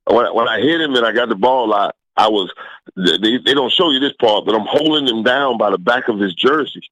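A middle-aged man, a former football player, telling stories as a guest, lively and laughing with stammered restarts. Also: medium pitch, a little fast, no room sound, muffled recording. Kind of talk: animated storytelling.

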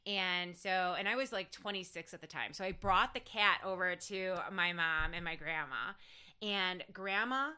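A woman co-hosting a podcast, talking in quick, expressive casual chat and laughing often. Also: on the low side, clean tone. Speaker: podcast co-host.

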